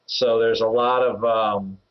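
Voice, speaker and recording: A man's voice: fairly low pitch, fairly even intonation, a little slow. A man co-hosting a podcast, explaining trades casually in a rambling way, full of fillers and little chuckles. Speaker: options trader and regular co-host. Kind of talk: casual podcast market talk. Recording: slightly muffled podcast audio.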